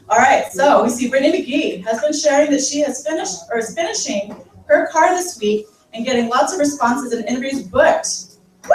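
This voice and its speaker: A woman's voice: sits high, noisy background. A woman leading a team meeting, upbeat and cheering the group on. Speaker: meeting leader. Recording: roomy far-off mic with music behind.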